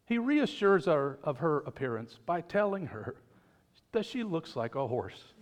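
A man delivers a sermon in an easy, chatty way, breaking off for light jokes with the congregation. His voice sits a little higher than most men's. The sound carries a long reverb, as in a church hall. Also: big pitch swings, unhurried. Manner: conversational preaching with joking asides. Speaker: pastor.

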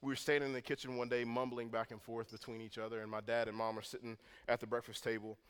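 A man preaching a sermon as pastor, moving from calm teaching to loud, intense passages. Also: medium pitch, quick pace, clean tone. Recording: long hall reverb.

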